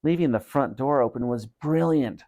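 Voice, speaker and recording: A man's voice: medium pitch, normal speed, dark tone, natural voice. A man voicing a mean prankster boy who talks in a smug, mocking way.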